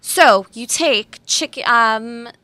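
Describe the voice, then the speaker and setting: An enthusiastic woman co-host with a bright, forceful tone. She talks emphatically, stressing how much she loves things, and the sound is dry and close. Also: a little high, drawn-out words, dry recording. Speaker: mother. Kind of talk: casual chat.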